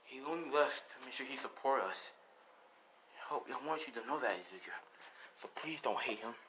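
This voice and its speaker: A man voicing a gentle, loving mother on her deathbed, speaking weakly in a hushed, partly whispered voice. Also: mid-range voice, animated, normal speed, slight background noise, rough recording. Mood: frail, tender.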